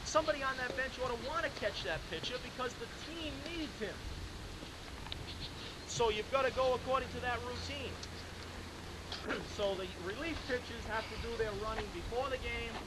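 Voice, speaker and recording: Man, pitching coach, camp lecture, fairly high voice, old 1980s recording, loud hiss. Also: normal speed, pauses often. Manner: coaching, keeps checking in with "okay?" and calling the listeners "guys". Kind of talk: camp lecture to young players.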